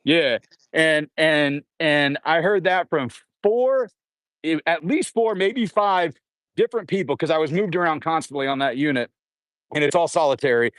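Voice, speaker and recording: A man telling a long personal story in a casual way, full of fillers and restarts, who puts on higher voices when quoting others. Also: normal speed, a bit bright, no echo. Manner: rambling with frequent fillers and restarts; acts out quoted voices in a raised pitch. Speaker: guest recounting jail time.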